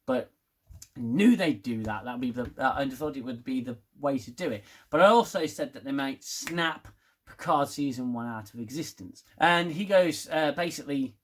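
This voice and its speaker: A man's voice: medium pitch, expressive, normal speed. A man giving a rambling, casual spoken TV review, swearing and getting worked up as he talks. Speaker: TV review vlogger.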